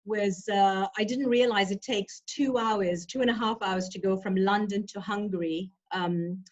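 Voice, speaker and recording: A woman's voice: mid-range voice, steady tone, a little slow, rough recording. A woman from South Africa talking earnestly in a casual chat, often restarting her sentences. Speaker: guest. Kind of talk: reading her own essay, then casual chat.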